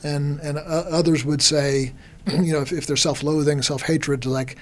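A man's voice: fairly high pitch, a little slow. A man in casual conversation, explaining ideas with many restarts and by quoting imagined voices. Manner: animated, quotes and acts out others' thoughts, many restarts.

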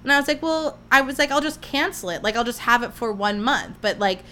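A woman's voice: on the high side, expressive, fairly quick, pushed and bright. Chatty young woman gushing through stories. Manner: chatty, gushing storyteller who acts out quotes. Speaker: podcast host. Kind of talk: casual solo podcast chat.

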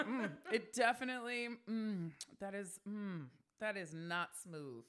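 A woman co-hosting a casual chat, teasing and sarcastic, laughing loudly at her friend. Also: mid-range voice, measured pace, clear, resonant tone. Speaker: podcast co-host. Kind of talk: casual chat, tasting vodka.

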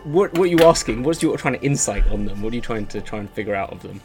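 A man's voice: fairly low pitch, lively intonation, quick pace, darkish tone, soft background music. A man running a tabletop game as game master, easygoing and thinking aloud as he explains.

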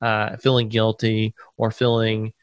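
A man hosting a podcast interview, talking earnestly with many halting restarts. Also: on the low side, completely flat delivery, clean tone, no echo, highs cut off. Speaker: podcast host. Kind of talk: casual interview chat.

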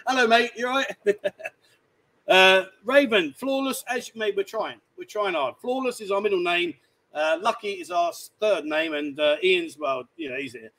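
A man's voice: high-pitched, very animated, a little slow, pushed and bright, poor audio. A man hosting a livestream from a bar, chatting casually, teasing and rambling. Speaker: livestream host. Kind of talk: casual banter. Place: bar, indoors.

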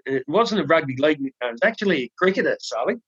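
A man co-hosts a podcast, telling a long joke in a relaxed, stop-start way full of ums and restarts. His voice sits a little high. The recording is dry and slightly dull. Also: racing, breathy edge, no echo. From Australia. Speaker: podcast co-host. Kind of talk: casual chat, telling a joke. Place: home studio in the UK.

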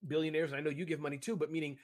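A man guest on a video-call interview, talking about business in a rambling, animated way and often addressing the host by name. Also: a little high, rapid-fire. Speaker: podcast guest, entrepreneur. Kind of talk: casual interview chat.

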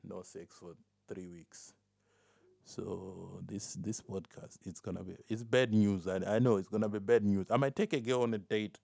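A man's voice: fairly low pitch, darkish tone, no echo, clean studio sound. A man hosting a solo podcast, rambling and self-mocking, laughing at his own jokes and dropping "fam" into his talk. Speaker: podcast host.

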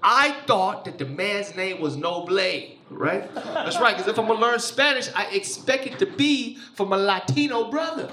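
A man's voice: high voice, expressive, normal speed, hardly any pauses, bright, forceful tone, a little hiss or hum. A man doing a stand-up comedy set, loose, profane and playful with the crowd, on a club stage with a handheld mic. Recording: roomy live club sound.

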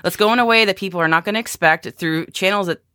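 An American woman co-hosting a casual tech chat, animated and hedging, restarting her sentences. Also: mid-range voice, fast talker, no echo, clean studio sound. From United States. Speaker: podcast co-host.

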